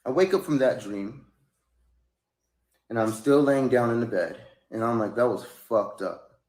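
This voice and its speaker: A man telling a long personal story in a casual, rambling way, sometimes rising into high, loud bursts. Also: measured pace. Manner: rambling, rising to high-pitched outbursts when quoting himself. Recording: echoey room.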